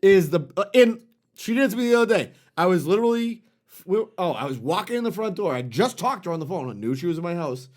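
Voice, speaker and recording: A man co-hosting a podcast in casual chat, excitable and profane, laughing often at his own stories. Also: high voice, quick pace. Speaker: podcast co-host.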